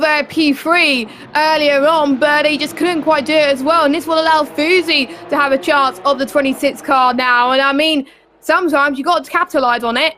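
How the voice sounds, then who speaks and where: A woman co-commentating an online sim race, chatty and full of fillers, getting excited in close battles. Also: high voice, slight background noise.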